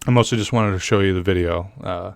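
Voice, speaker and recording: A man's voice: deep voice, quick pace, gravelly, no echo. Heated man ranting with profanity. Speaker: commentary host. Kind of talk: angry political commentary.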